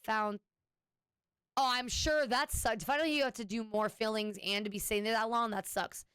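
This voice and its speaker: A woman's voice: a little high, fairly even intonation, normal speed, fairly bright tone, clean tone, no room sound. A woman streamer chatting casually with her viewers, rambling and swearing now and then. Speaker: Twitch streamer.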